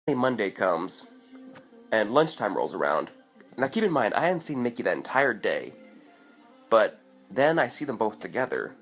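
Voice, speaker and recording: A man spins a story from his own life for his vlog, his pitch leaping all over as he talks. He is loose and profane and keeps slipping into the voices of the people in it. His voice sits in a middling register. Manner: animated, profane, acts out quoted voices.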